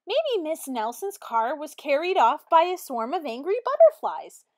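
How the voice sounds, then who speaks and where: A woman voicing a group of schoolchildren who speak in eager, excited exclamations. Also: high-pitched, a little slow, no room sound, studio quality, pitched above the performer's own voice, heavily acted.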